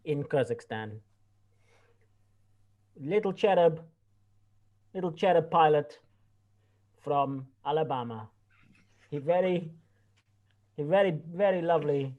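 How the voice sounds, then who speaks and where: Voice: medium pitch, highs cut off. A tabletop player voicing a bumbling male president who speaks broken English with a mock Russian accent in rambling, pompous speeches. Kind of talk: in-character speech in a tabletop role-play.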